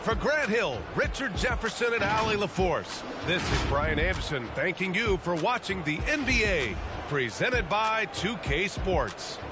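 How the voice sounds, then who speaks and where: A brisk, polished basketball play-by-play announcer calls the action in a high, animated voice that jumps up on big plays. Loud game noise sits under the voice throughout. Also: male voice. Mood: calling the game. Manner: rising to shouts on big plays. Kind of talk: video game sports commentary.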